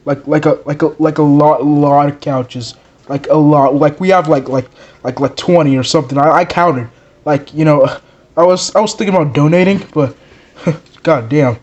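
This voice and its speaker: A man voicing a hot-headed, foul-mouthed male plush puppet who swears constantly and works himself up into shouts. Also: a little high, normal speed, highs cut off, natural voice. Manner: swearing, excitable, rising to shouts. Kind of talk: plush puppet comedy skit.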